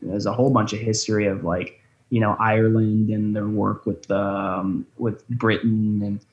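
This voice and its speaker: A man's voice: on the low side, flat delivery, normal speed, roomy sound, muffled recording. A young man telling travel stories in a loose, rambling way, swearing often. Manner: rambling storyteller, swears a lot. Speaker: guest. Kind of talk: casual chat. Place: room of a rental flat.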